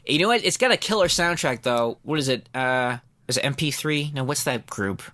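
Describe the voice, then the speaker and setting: A man in a relaxed podcast chat, talking in loose, rambling bursts full of fillers. His mid-range voice sits on a dry, close mic with no room sound. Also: mid-range voice, fairly quick, no echo. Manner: rambling, lots of fillers and laughter. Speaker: podcast co-host. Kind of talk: casual chat.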